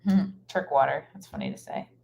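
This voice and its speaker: This woman's voice is a deep bass with a dark tone and vocal fry, her pitch swooping wildly as she talks a little fast. She's a comedian on a hotel-room live stream, chatting casually in a rambling, scatterbrained way with lots of fillers, and her streaming mic carries a little hiss or hum.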